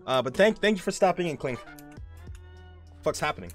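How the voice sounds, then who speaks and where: A man's voice: on the high side, lively intonation, normal speed, soft background music. A young man streaming a game live, rambling casually, reading chat aloud and swearing often.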